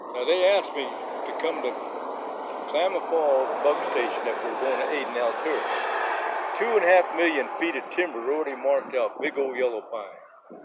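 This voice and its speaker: A man's voice: mid-range voice, lively intonation, normal speed. An older man from Northern California, a tribal chairman, telling his life story in a plain-spoken, repetitive, colloquial way. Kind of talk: casual storytelling. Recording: dull lo-fi recording with loud background noise.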